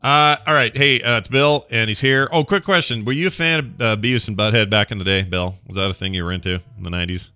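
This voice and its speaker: A man's voice: on the low side, quick pace, few pauses, bright, forceful tone, clean tone, dry recording. A man hosting a podcast in casual chat, rambling and jokey with lots of fillers. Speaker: podcast host.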